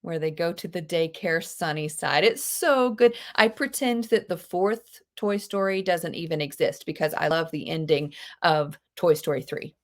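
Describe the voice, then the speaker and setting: Animated woman teaching an online class. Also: lowish voice. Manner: animated, gasps and quick asides to students. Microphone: video call.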